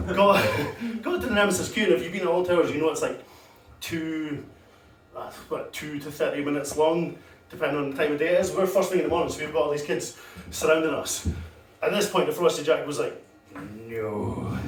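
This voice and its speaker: At an open-mic stand-up set, a young comic whose voice is slightly high and a little fast makes fun of himself through crude stories aimed at laughs. His handheld corded mic is picked up from deep in a boomy, echoey club, with room noise all around.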